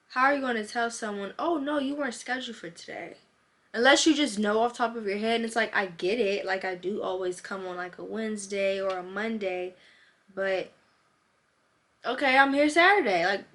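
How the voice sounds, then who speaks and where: A young woman telling a story to her vlog audience in a casual, animated way, acting out both sides of a conversation. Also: mid-range voice, a little hiss or hum. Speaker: vlogger.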